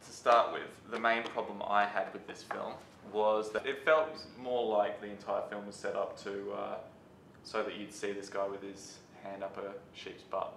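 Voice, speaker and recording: Lower-voiced man critiquing a film. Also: little pitch movement, normal speed, creaky, a bit bright. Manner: analytical, critical. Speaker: film reviewer. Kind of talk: casual film review chat. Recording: roomy room with faint rumble.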